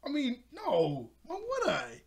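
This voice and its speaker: A man putting on a jittery teenage boy hero, his voice shooting up high and squeaky as he dodges the blame. He sounds nervous and evasive, with the jumps coming out loud and sharp. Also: wildly swooping pitch, slow, gravelly, full character voice. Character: jumpy teen boy superhero, nervous and evasive.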